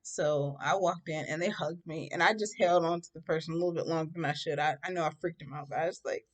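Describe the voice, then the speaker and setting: A young woman with a dramatic, animated manner, telling a story casually for her vlog. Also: low voice, quick pace.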